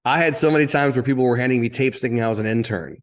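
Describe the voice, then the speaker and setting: A man in his fifties, originally from Indiana, sits as a guest and spins loose, animated anecdotes from his years as a TV reporter. His voice sits at an ordinary middle pitch, and he often circles back and restarts mid-sentence as he builds a story. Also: rapid-fire. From Indiana, USA. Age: 50s. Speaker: guest, former TV sports and entertainment reporter. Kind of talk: casual interview storytelling.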